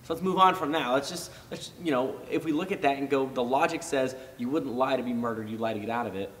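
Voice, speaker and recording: A man's voice: mid-range voice, quick pace, distant mic, slight background noise. Casual youth-pastor man in a reverberant hall. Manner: casual, conversational, many fillers and restarts; animated when acting out reactions. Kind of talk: youth sermon.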